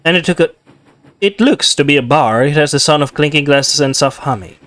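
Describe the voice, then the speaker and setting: A man's voice: fairly high pitch, fairly quick, fairly bright tone. A young man reading a story game aloud in a casual let's play, with chatty, self-mocking asides. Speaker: gamer reading a visual novel aloud.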